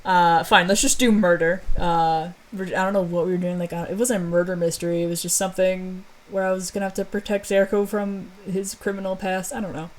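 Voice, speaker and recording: A woman's voice: lowish voice, level tone, fairly quick, few pauses. A woman streamer and story author in casual chat, rambling and self-mocking, with casual swearing.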